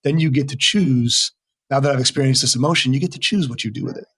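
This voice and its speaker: Fast-talking earnest middle-aged man. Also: mid-range voice, a bit bright, breathy edge, dry recording. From United States. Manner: earnest, emphatic. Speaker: veteran mental health worker, interview guest. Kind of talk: casual conversational interview.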